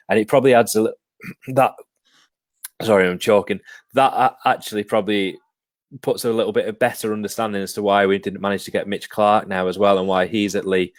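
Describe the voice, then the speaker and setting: Low-voiced guy hosting a sports podcast, lots of ums, reads out comments, dry close sound. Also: dry recording. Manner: reads viewer comments aloud, hesitant with many ums. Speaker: podcast host. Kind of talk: casual sports chat.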